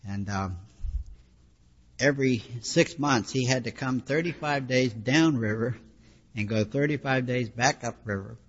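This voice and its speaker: A man with a mid-range, slightly bright voice and a breathy edge preaches a sermon, unpacking scripture in a conversational, teaching style full of asides. The recording is dull and lo-fi, with a long hall reverb.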